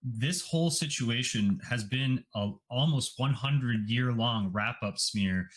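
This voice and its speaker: A man's voice: mid-range voice, slow. A man hosting an interview, making long, fervent statements that run on. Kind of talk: conversational interview commentary.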